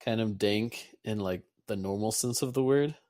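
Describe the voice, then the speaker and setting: A man running a tabletop game as game master, narrating in a relaxed, halting way with fillers. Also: lowish voice, rough recording.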